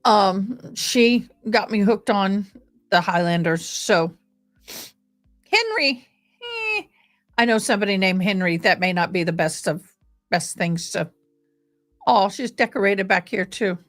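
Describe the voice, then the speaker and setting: A woman's voice: medium pitch, measured pace, soft background music. A woman chatting casually and affectionately as she hosts a live stream fundraiser, gushing over details while showing a game.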